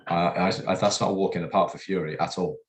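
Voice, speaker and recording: Deep-voiced man chatting. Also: steady tone, fast talker. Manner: hesitant, many restarts and fillers. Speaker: podcast co-host. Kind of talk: casual chat.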